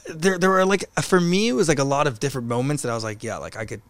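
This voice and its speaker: A man's voice: on the high side, lively intonation, quick pace, clean tone, dry recording. Young guy on a podcast rambling with lots of likes and ums, super dry sound. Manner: rambling, full of fillers and restarts. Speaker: podcast guest. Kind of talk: casual conversation.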